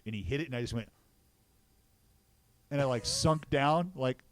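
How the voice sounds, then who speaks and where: A man who calls baseball games, chatting casually on a podcast and telling animated stories, swearing freely. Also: mid-range voice, normal speed, slight background noise. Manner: excitable storyteller who swears and gets loud reliving plays. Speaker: baseball broadcaster and podcast co-host. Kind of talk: casual chat.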